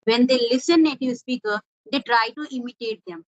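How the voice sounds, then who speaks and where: A woman's voice: a little high, brisk, no echo. A woman interviewing a guest in an English-practice conversation, earnestly summing up points and asking questions. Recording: dull lo-fi audio.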